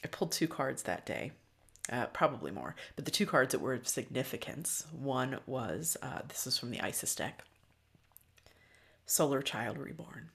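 Gravelly, candid woman musing aloud. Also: very deep voice, sing-song, moderate pace. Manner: candid, loose and profane, with frequent ums; often drops to a soft, breathy near-whisper. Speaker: podcast host. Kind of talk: casual spiritual reflection.

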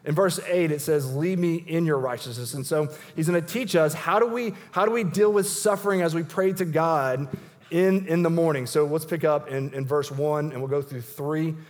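Pastor, male, higher-pitched voice, earnest conversational sermon delivery with a long hall reverb. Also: normal speed, darkish tone. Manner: earnest, conversational preaching with frequent restarts. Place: church sanctuary.

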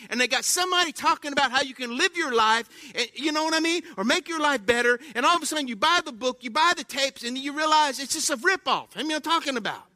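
A man preaches a sermon with a high-pitched voice. He tells stories animatedly, acts out cries and exclamations, and keeps checking in with the congregation with quick questions. His voice is bright and sharp, and the sound is dry. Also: no echo. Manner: animated storytelling with acted-out exclamations; asks the congregation frequent questions.

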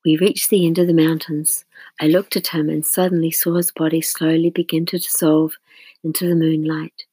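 A woman reading a story aloud in a soft, partly whispered voice, with small restarts. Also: sits low, level tone, moderate pace, slightly rough, no room sound, poor audio. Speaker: narrator.

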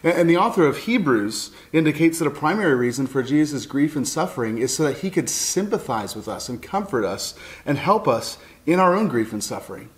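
A middle-aged man preaches in an earnest, heartfelt way. His voice sits a little higher than most men's, and he often backs up to restart a phrase. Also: lively intonation, fairly quick, hardly any pauses. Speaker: pastor and counselor. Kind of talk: sermon.

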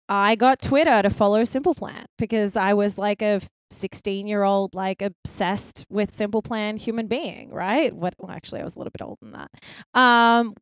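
Chatty Australian woman, crisp voice. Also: on the high side, no echo. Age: 30s. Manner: chatty, animated storytelling with lots of fillers. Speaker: podcast guest. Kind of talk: casual chat.

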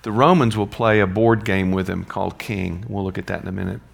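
Guy with a low gravelly voice walking through a bible passage, chatty, keeps restarting and asking the class questions. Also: steady tone, a little fast. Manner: conversational, with frequent restarts and rhetorical questions. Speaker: Bible teacher. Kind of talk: verse-by-verse Bible lesson.

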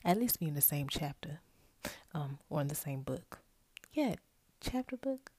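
It's night, her roommate is sleeping close by, and a young woman is whispering her podcast into an earphone mic pressed near her mouth. The deep voice is husky and mellow, sing-song and unhurried, with no room sound at all. Her talk is chatty and self-correcting, and she speaks to y'all, her listeners.

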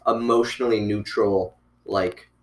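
Low-voiced young man musing casually. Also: fairly even intonation, unhurried. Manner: reflective, rambling, casual swearing. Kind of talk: casual chat. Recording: roomy echo.

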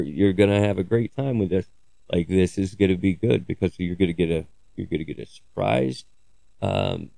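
A man's voice: lowish voice, gravelly, a little mellow, no echo. A man talking in a casual, rambling monologue, joking crudely and swearing freely as he digresses. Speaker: podcaster.

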